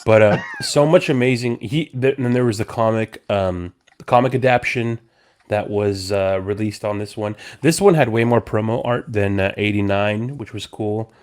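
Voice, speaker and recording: A man's voice: lowish voice, normal speed. A man in his thirties, slightly drunk and slurring, rambling with restarts as a casual podcast host. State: tipsy, slurring. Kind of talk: casual chat.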